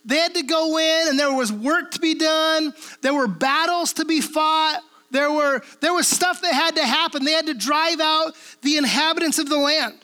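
A woman pastor from the Pacific Northwest delivers a relaxed teaching sermon with a high, bright voice. She talks conversationally and keeps checking in with her listeners. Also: moderate pace. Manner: casual, checks in with listeners through frequent tag questions.

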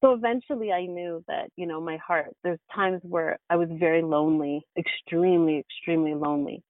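A woman's voice: lowish voice, steady tone, a little fast, dry recording. A woman guest in an interview, telling her life story in an earnest, reflective way. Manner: earnest and reflective, with bursts of laughter. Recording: tinny phone-like line, dry.

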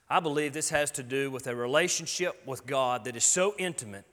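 Brief: middle-aged man, pastor, bright forceful voice, folksy emphatic sermon in a reverberant church. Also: mid-range voice, fairly quick, hardly any pauses. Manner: folksy, earnest, emphatic preaching with colloquialisms. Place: church sanctuary. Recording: long hall reverb.

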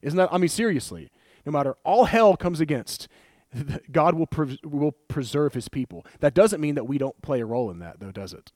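A man preaching a sermon in a conversational, animated way, laughing often and retelling scripture with acted quotes. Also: fairly high pitch, normal speed, dry recording, studio quality.

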